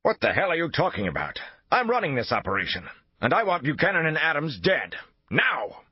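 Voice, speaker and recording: A man's voice: low voice, very animated, fairly quick, breathy edge, no room sound, full character voice. A man voicing a ruthless, domineering male spy chief who gives orders and flares into rage. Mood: furious. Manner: commanding, explodes into furious shouting. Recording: dull lo-fi dry recording.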